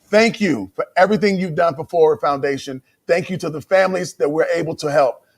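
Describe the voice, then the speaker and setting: A man's voice: a little high, a little fast, slightly rough. A man emceeing a live charity gala, announcing winners in a playful, sing-song, joking way. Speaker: emcee and comedian.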